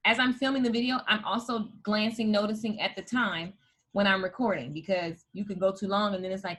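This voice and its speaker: A woman host, teaching viewers in an energetic live video tutorial. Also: medium pitch, a little fast. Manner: energetic, hyped, addresses viewers as "you guys". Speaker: host and coach.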